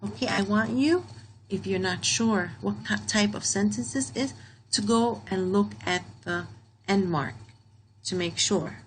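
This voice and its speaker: A woman teaching a grammar lesson for children, reading each example slowly and repeating it. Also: mid-range voice, slight background noise, poor audio. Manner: slow, deliberate, repeats example sentences.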